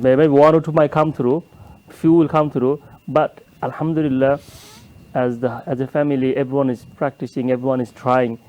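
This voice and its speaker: A man sitting as a judge on a studio panel, giving earnest, measured advice in simple phrasing. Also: mid-range voice, highs cut off. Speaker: competition judge.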